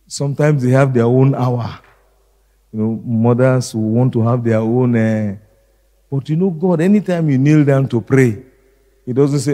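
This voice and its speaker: A middle-aged male pastor preaching a sermon slowly and deliberately, repeating key phrases. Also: medium pitch, steady tone, mellow, big-room sound.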